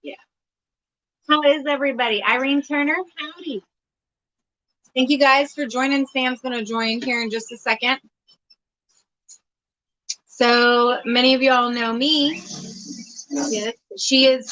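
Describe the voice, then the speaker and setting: A woman with an Oklahoma accent hosts a casual livestream over a video call, chatting and calling out viewers by name. Her voice is bright and sits a little high. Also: poor audio. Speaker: host.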